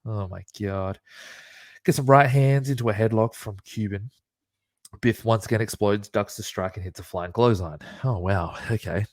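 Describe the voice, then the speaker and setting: A man's voice: lowish voice, normal speed, darkish tone, dry recording, clean studio sound. A man co-hosting a podcast, recapping a wrestling match move by move and laughing often. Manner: play-by-play recap with frequent laughs. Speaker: podcast co-host.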